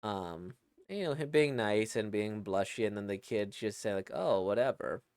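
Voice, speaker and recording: A man's voice: on the low side, normal speed, a little mellow, clear, resonant tone, dry recording, clean studio sound. A man casually reacting to a webcomic he reads, rambling and reflective, with many fillers and restarts.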